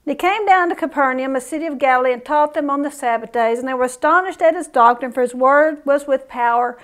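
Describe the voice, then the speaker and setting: A woman's voice: high-pitched, brisk, fairly bright tone. A woman leading a Bible study, reading scripture aloud and adding folksy, chatty remarks between passages. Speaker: Bible teacher.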